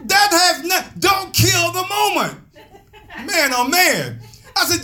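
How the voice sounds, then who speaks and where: High-voiced pastor preaching with gusto. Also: male voice, slow pace. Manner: animated storytelling, laughing and calling out to members. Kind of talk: sermon.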